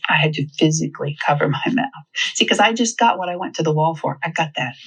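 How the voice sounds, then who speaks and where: A woman speaking to parents about raising children, lively and humorous, acting out little quoted exchanges. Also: low-pitched, fast talker, husky, rough recording. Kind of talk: talk to parents.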